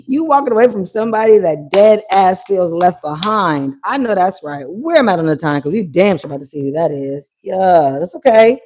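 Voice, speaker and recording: A woman hosting a live tarot reading, talking in an animated, slangy way with swearing and bursts of laughter. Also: mid-range voice, normal speed. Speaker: tarot reader. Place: at home near a pool, kids heard.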